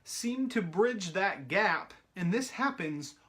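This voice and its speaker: A man's voice: high voice, very animated, takes it slowly, a bit bright. A man hosting a casual storytelling vlog, chatty and self-deprecating. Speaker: storytelling channel host.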